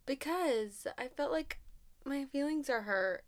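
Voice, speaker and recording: High, lively woman laugh-crying. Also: takes it slowly, no echo. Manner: laughing and crying at once, emotional. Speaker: podcast co-host. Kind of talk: casual chat.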